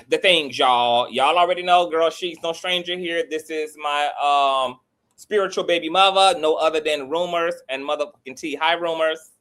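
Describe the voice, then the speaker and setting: A man hosting a casual panel chat on a video call, sassy and animated, with his voice leaping up when he gets excited. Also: fairly high pitch, normal speed, clear, resonant tone. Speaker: host.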